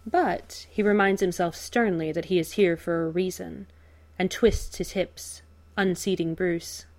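A woman narrating fan fiction aloud in a slow, measured, even way. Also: on the low side.

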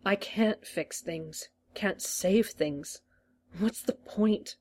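A woman's voice: mid-range voice, very slow, a little mellow. A woman reading a story aloud, voicing a gloomy male Time Lord who mumbles and sulks. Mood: sulky. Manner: mumbling and sulky.

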